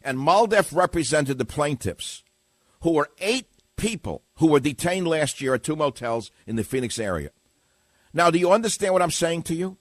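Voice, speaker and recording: A man's voice: a little high, expressive, normal speed, no room sound. An older American man hosting a talk radio show, delivering a combative monologue full of rhetorical questions and emphatic repetition.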